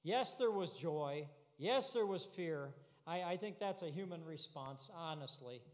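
A man's voice: on the high side, animated, unhurried. A man preaching a sermon, earnest and building to emphatic, repeated declarations. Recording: long reverb of a hall.

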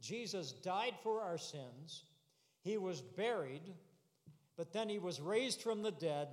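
A man's voice: sits high, expressive, takes it slowly. A man preaching a sermon, earnest and building to emphatic, repeated declarations. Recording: long reverb of a hall.

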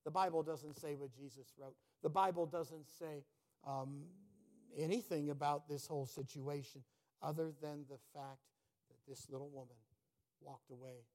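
A middle-aged pastor preaching to his church. His voice sits a little high for a man, and he tells his story with sudden swings between loud, booming emphasis and hushed, near-whispered lines. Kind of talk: sermon.

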